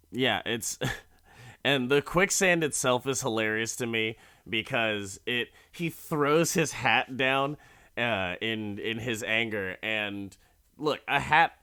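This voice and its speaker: A man's voice: fairly low pitch, pushed and bright, clear, resonant tone, no echo. A man hosting a podcast, recapping an episode in a profane, joking, rambling way from his studio mic. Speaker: podcast host. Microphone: studio mic with headphones.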